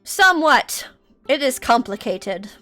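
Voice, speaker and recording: A woman voicing a loud, overexcited dragon guardian in elf form who speaks formally. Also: sing-song, measured pace, faint music behind, full character voice. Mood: fussing. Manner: formal, overexcited, booming telepathic voice.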